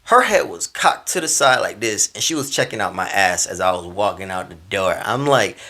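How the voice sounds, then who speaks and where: Animated storytelling man, bright edgy voice. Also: on the low side, normal speed. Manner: animated, slangy, swings between hushed asides and loud bursts. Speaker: vlogger telling a story. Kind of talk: casual storytime.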